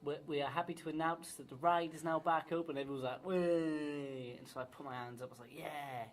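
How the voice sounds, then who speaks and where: A young man co-hosting a podcast in casual chat, chatty and quick to swear and laugh. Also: on the high side, fairly even intonation, rough recording. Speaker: podcast co-host. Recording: faint background noise.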